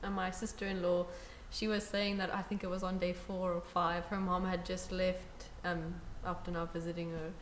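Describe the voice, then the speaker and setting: A woman guest and first-time mother in a casual chat, agreeable and quick to laugh. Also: lowish voice, little pitch movement, roomy sound, a little hiss or hum. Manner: agreeable, laughs often, many short backchannels.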